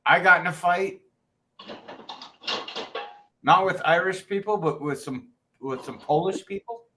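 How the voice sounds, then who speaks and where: A man in casual group chat on a live stream, telling excitable travel stories with lots of halting restarts. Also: high-pitched, slight background noise.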